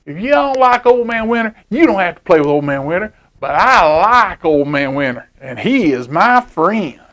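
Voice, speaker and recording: A man's voice: sits high, big pitch swings, moderate pace, a bit bright. A man voicing a young girl who earnestly insists on standing up for her friend, in a storybook reading. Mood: insistent. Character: young girl defending her snowman doll.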